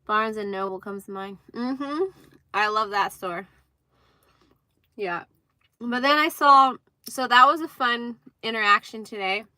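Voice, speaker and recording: Bright-voiced young woman chatting on a livestream. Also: a little high, measured pace, pauses often, no echo. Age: young adult. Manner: chatty, animated retelling with acted-out quotes. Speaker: livestream host. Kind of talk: casual livestream storytelling.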